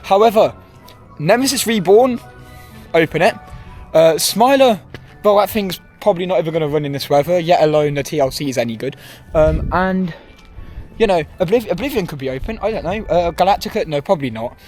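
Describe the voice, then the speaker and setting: High-voiced ranting young Englishman. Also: expressive, brisk, a little mellow, soft background music. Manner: ranting, exasperated, rambling with self-corrections. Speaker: theme park vlogger. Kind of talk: walking vlog commentary. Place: outdoors at a wintry theme park. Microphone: handheld camera.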